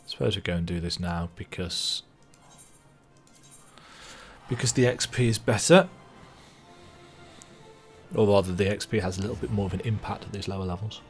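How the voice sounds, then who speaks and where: A man's voice: deep voice, moderate pace, long pauses, soft background music. A man casually commentating on his own live video game stream, chatty and amused. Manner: chatty, amused, mumbling to himself.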